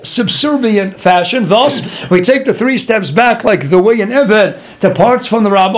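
A man teaching a Torah lecture as a rabbi. He asks rhetorical questions and acts out pleas as little dialogues. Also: very high-pitched.

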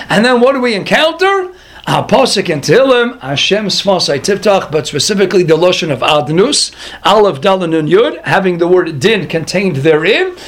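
A man teaching a Torah lecture, asking questions and answering them himself, his voice jumping up in excited peaks. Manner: animated, with excited high-pitched peaks.

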